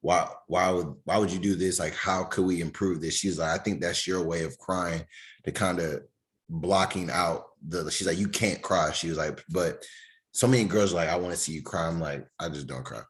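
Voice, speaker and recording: A man with a deep voice tells stories on a casual podcast, acting out what a friend said to him in easy quoted dialogue. His delivery is loose and chatty, with plenty of "she's like" and "I was like.". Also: moderate pace. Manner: storytelling, relays friends' words in quoted dialogue. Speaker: podcast co-host.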